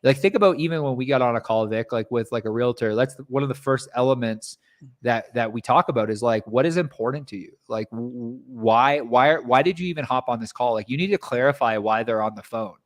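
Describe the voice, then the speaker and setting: A man's voice: medium pitch, brisk. A man co-hosting a casual podcast chat, talking loosely with lots of fillers.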